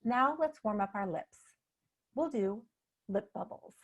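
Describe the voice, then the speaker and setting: A woman leading a speech exercise lesson, demonstrating drills slowly and clearly and encouraging the listener. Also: mid-range voice, animated, dull audio. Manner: slow, clear, encouraging demonstration with drawn-out practice words. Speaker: speech therapy instructor.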